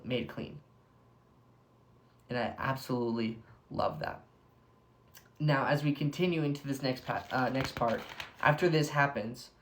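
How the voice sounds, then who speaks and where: A young man giving a casual Bible devotional. He is excitable, says "like" constantly, and breaks into bursts of enthusiasm. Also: mid-range voice, slight background noise. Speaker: devotional speaker.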